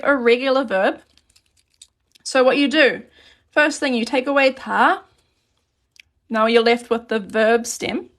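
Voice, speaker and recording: Woman, Korean grammar teacher, slightly high voice, relaxed and chatty, live lesson. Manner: relaxed, chatty, reads chat questions aloud. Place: desk with paper and pen.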